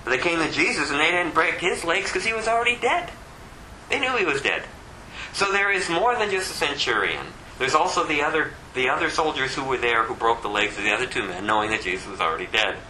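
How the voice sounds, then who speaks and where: A man delivering a sermon in a high, sharply bright voice. He is emphatic and keeps circling back to rhetorical questions to hammer his points home. There is a faint hum of noise behind him. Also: expressive, a little fast, reverberant, low-quality recording. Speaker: preacher.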